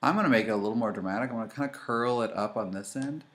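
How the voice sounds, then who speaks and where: Demonstrating makeup in a relaxed tutorial, a man chats energetically and addresses his viewers head-on. He speaks at medium pitch and races through his words.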